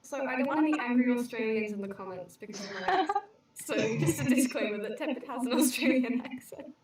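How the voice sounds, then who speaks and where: A woman's voice: fairly high pitch, fast, darkish tone, roomy sound, distant mic, rough recording. A woman playing a tabletop game, chatty and a little hesitant. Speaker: player.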